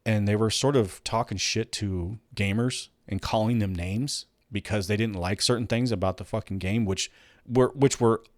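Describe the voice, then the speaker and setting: A man's voice: fairly low pitch, normal speed, no echo, clean studio sound. A man hosting a casual commentary show, ranting bluntly and swearing, with many restarts. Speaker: host.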